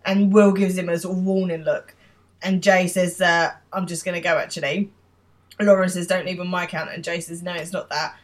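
A podcast co-host retelling a TV episode scene by scene in a steady, casual way. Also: mid-range voice, a little fast.

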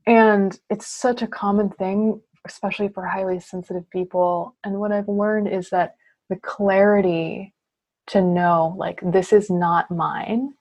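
A woman's voice: mid-range voice, fairly even intonation, a little slow, a little mellow. A woman guest on a podcast, speaking in an earnest, reflective way, often saying "you know" and "I mean". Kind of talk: casual conversational interview.

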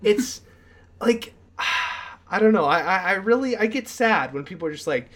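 A man co-hosting a casual podcast chat, animated and excitable, tripping over many "like" fillers and restarts. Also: sits high, a little slow. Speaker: podcast co-host.

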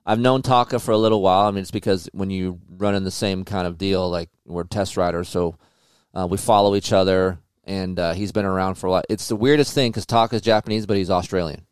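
A man hosting a motocross podcast, telling stories in a casual, animated way and swearing often. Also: deep voice, brisk, clean tone, no echo, clean studio sound. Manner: profane, animated storytelling. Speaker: podcast host, motocross test rider. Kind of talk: casual chat.

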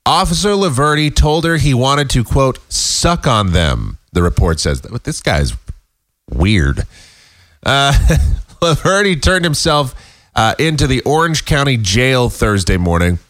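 A man's voice: mid-range voice, a bit bright, dry recording. A male talk show host with a congested, growly, nasal voice, chatting in a rambling way with wry asides. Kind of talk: casual talk show monologue.

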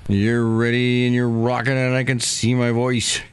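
A man's voice: mid-range voice, completely flat delivery, normal speed, clean tone, dry recording. A man hosting his own talk radio show, rambling casually, joking and swearing freely.

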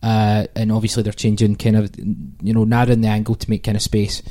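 A man's voice: fairly low pitch, level tone, fairly quick, warm tone. A man hosting a casual football podcast, talking in a hesitant, filler-heavy, exasperated way. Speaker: podcast host.

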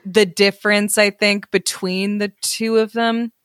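A woman's voice: mid-range voice, level tone, a little slow, a bit bright, clear, resonant tone, no room sound, clean studio sound. A woman co-hosting a casual podcast, reacting with laughs and musing aloud. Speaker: podcast co-host. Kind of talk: casual chat.

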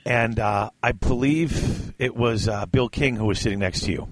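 A man hosting a podcast, excitable and rambling, telling stories and laughing often. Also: mid-range voice, moderate pace, dry recording. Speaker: podcast host. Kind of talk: casual podcast chat.

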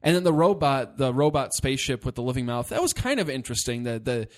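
A man co-hosting a casual movie discussion, talking in an animated, rambling way and swearing freely. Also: mid-range voice, quick pace. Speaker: podcast co-host.

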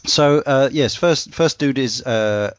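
A man's voice: medium pitch, slow pace, clean tone, dry recording. A man hosting a casual discussion, rambling with many fillers and restarts. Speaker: podcast host. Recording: dull dry lo-fi sound.

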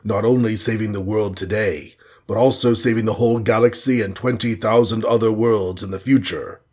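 A man's voice: on the low side, steady tone, normal speed, a little mellow, breathy edge. A man reading a storybook and voicing a sober hero in a thoughtful manner.

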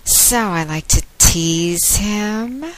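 A woman hosting her own podcast, speaking in a slow, teasing, drawn-out way that slips into soft whispers. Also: mid-range voice, poor audio. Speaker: adult podcast host. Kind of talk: solo podcast monologue.

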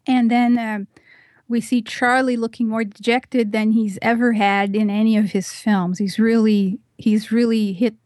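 A woman guest on a podcast, chatting casually and retelling a film scene in animated detail, with lots of "you know" fillers. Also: on the high side, unhurried, no room sound.

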